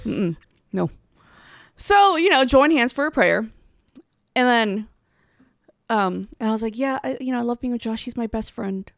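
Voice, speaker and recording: A woman co-hosting a podcast, telling a story in casual chat, animated and swearing as she acts out quotes. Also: fairly high pitch, normal speed, creaky, long pauses, dry recording, studio quality. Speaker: podcast co-host.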